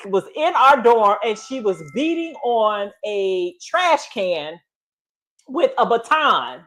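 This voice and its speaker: Animated middle-aged woman telling stories. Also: fairly high pitch, slow pace. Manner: animated, laughs often, acts out quotes. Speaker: guest storyteller. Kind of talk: casual storytelling chat.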